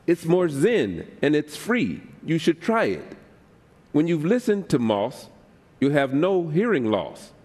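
Man reading limericks slowly. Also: fairly high pitch, very animated, darkish tone. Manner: deliberate, rhythmic verse reading. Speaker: limerick reader on a quiz show. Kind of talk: reading comic verse aloud. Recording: long theater reverb.

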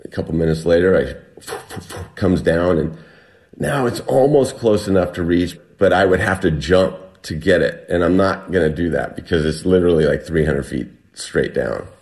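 Middle-aged man, very low voice, guest recounting an ordeal, lively quoted shouts. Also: moderate pace. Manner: animated retelling, acts out shouted quotes. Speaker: guest telling a survival story. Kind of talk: conversational storytelling.

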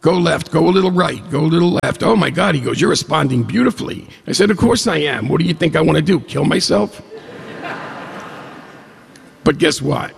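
A man telling a humorous personal story to an audience, animated, jumping up in pitch when he quotes dialogue. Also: fairly quick, vocal fry, slightly rough. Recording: long hall reverb.

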